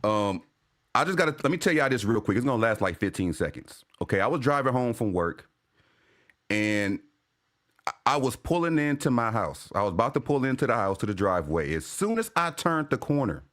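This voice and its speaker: A man hosting a casual sports fan livestream, talking in loose, profane slang and shouting out viewers. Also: a little high. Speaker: sports fan show host.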